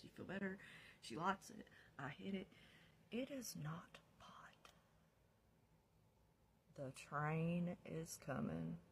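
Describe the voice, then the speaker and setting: A woman's voice: low voice, creaky, a little hiss or hum. Candid woman telling her story casually. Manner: candid, drops to a whisper when quoting herself, laughs in places. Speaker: storyteller recounting her past.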